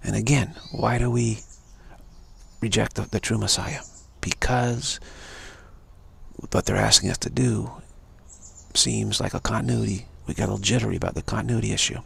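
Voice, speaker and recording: A man's voice: on the low side, steady tone, normal speed, creaky, slight background noise. A man giving an unscripted spiritual talk as its teacher, repeating phrases over and over. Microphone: livestream mic.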